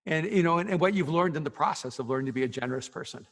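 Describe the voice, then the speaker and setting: A man's voice: a little high, animated, rapid-fire, creaky, long reverb tail. A pastor interviewing a guest in a casual, hesitant way, filling his questions with ums and ands. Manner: hesitant, many fillers, soft affirming murmurs.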